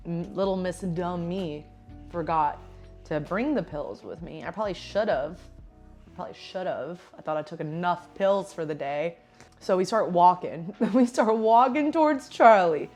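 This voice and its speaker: Chatty young woman with a lowish voice. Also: a little mellow. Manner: chatty, laughs often, heavy use of "like". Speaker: vlogger. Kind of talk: casual storytime.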